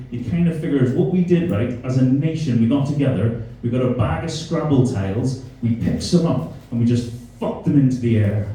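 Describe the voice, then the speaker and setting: A man's voice: medium pitch, warm tone. A man from Belfast with a Belfast accent, performing a stand-up comedy set with crude, mocking banter aimed at the crowd. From Northern Ireland. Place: comedy club stage before a live audience. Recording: very echoey room, voice from a distance.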